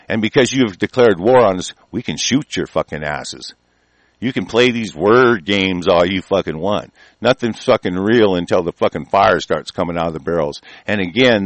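An older man hosting his own broadcast, delivering an angry, profane tirade that swings between loud outbursts and low muttering. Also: dry recording. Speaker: host of an online broadcast. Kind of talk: ranting monologue broadcast.

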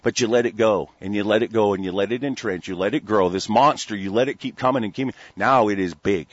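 A man's voice: fairly low pitch, fast talker, no echo. A man from the United States in a heated, rambling talk-radio rant, stammering through restarts and swearing freely. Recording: dull lo-fi recording.

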